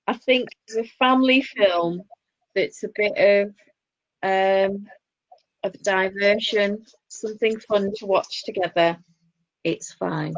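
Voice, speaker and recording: A woman's voice: medium pitch, takes it slowly, dry recording. Chatty Northern English woman, lo-fi sound. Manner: chatty, opinionated, laughing asides. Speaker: podcast co-host. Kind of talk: casual chat. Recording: dull lo-fi dry sound.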